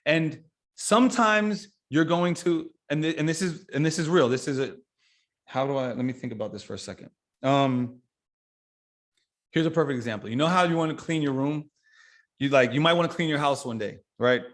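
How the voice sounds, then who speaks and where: A man in casual podcast conversation, his voice sitting a bit higher than most men's. He talks bluntly, swears freely and circles back on himself, then climbs into lively, excited examples. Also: moderate pace. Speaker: podcast guest.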